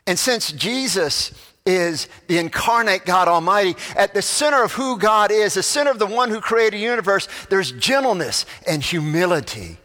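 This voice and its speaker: A man preaching a sermon as pastor, moving between loud animated passages and soft, hushed ones. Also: sits high, moderate pace, in a large hall.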